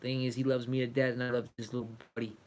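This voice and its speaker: A man's voice: medium pitch, flat delivery, racing, darkish tone, slight background noise. A young man hosting a casual livestream, coaxing and fussing over his cat in an affectionate voice. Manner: coaxing, affectionate pet talk. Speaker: livestream host.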